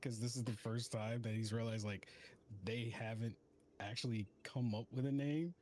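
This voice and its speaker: A man's voice: medium pitch, fairly even intonation, moderate pace, darkish tone, a little hiss or hum. A man playing a tabletop game, describing his character while laughing a lot. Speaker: player. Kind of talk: casual game play.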